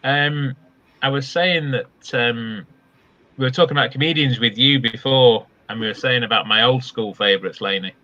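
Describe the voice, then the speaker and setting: A man rambles easily through a casual live chat, often stopping to grab a lost thought. His voice is bright and forceful at a middle pitch. The stream audio sounds dull and lo-fi. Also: moderate pace. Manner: easygoing, rambling, forgetful. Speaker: co-host.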